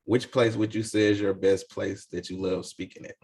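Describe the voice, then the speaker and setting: A man's voice: fairly low pitch, level tone, moderate pace, gravelly, a little mellow, breathy edge. A man interviewing a guest, asking short questions and laughing along.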